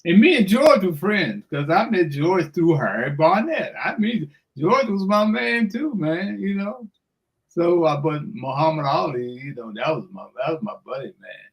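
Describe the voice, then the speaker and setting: An older man tells a story with a lot of energy, and his voice sits high for a man. He acts out each part of the conversation, laughs often, and keeps saying "man". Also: big pitch swings, moderate pace, poor audio. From Washington DC area. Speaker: guest storyteller. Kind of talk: animated anecdote on radio.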